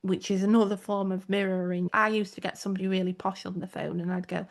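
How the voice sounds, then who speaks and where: A woman's voice: mid-range voice, flat delivery, fast talker, vocal fry. A woman with a South Yorkshire accent, co-hosting a podcast in casual chat that wanders into tangents. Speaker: podcast co-host.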